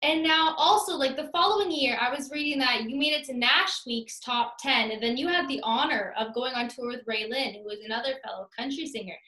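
A woman's voice: high-pitched, brisk, hardly any pauses, sharp tone. A woman hosting an interview, asking upbeat, encouraging questions in casual chat. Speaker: interview host. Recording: echoey room.

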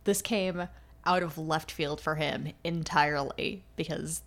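A young woman breaks down a novel in a casual podcast, wry and blunt, tossing in the odd curse. Her voice sits slightly low for a woman. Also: steady tone, unhurried, fairly bright tone. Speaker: podcast co-host. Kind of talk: casual book discussion.

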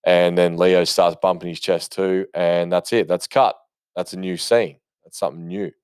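A man's voice: sits low, steady tone, moderate pace, a little mellow, clean tone, no room sound, studio quality. A man giving casual, rambling movie commentary, full of swearing and fillers and eager about what he loves. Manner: rambling, profane, enthusiastic storytelling with many fillers.

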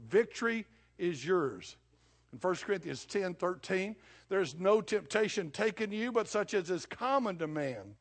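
A middle-aged man preaching a sermon, impassioned, swinging between loud declarations and low, hushed asides. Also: lively intonation, a little slow. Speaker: pastor.

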